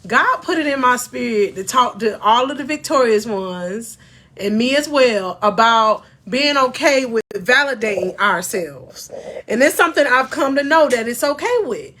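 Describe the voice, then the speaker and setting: A high, bright-voiced woman speaks emphatically into a camera at close range. She is a middle-aged life coach giving a faith-based motivational talk at home, preachy and warm toward her viewers. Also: expressive, normal speed.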